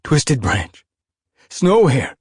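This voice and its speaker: A male audiobook narrator voicing a gentle, caring gray male cat hero who speaks warmly and earnestly. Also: deep voice, lively intonation, measured pace, husky, dry recording, clean studio sound, exaggerated voice.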